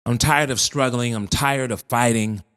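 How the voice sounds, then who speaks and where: A man's voice: mid-range voice, normal speed, close to an everyday voice. A man voicing a desperate young woman, pleading. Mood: weary, pleading. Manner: pleading, rising to frustrated shouting. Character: overwhelmed young woman at the end of her rope.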